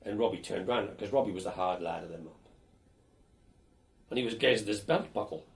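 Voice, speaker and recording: Recalling his time as a student for an oral history, an older man speaks briskly in a gravelly, fairly low voice. He's animated and outspoken, swearing without hesitation.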